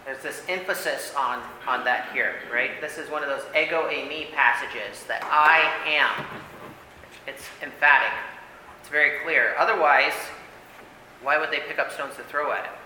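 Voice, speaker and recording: A man's voice: medium pitch, moderate pace, sharp tone. A man leading a casual church Bible study, talking emphatically with many fillers and "right?" tags. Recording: echoey hall with faint room noise.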